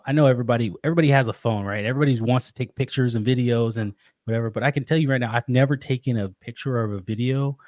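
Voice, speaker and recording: Earnest dad, dry close sound. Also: male voice, mid-range voice, darkish tone, no room sound. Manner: earnest, reflective, halting with restarts. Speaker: podcast guest, father. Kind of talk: casual interview.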